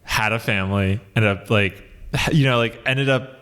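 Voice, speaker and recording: A man's voice: lowish voice, moderate pace, fairly bright tone, smooth. A young man, a comedy writer, co-hosting a podcast and chatting in a rambling, reflective way with lots of fillers. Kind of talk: casual comedic chat.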